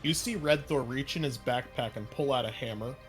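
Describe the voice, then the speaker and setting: A man's voice: medium pitch, fairly quick, faint music behind. A man playing a tabletop game, reading rules aloud and thinking things through with some uncertainty. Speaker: player.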